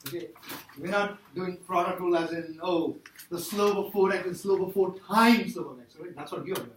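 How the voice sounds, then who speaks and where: A man's voice: high voice, a little fast, distant mic, slight background noise. Emphatic male math teacher, echoey classroom. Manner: emphatic, repeats himself, quizzes students. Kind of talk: classroom lecture.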